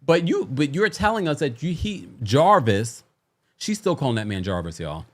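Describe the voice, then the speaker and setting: Animated exasperated male recap host. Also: a little high, moderate pace. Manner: animated, exasperated, laughing asides. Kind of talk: casual commentary.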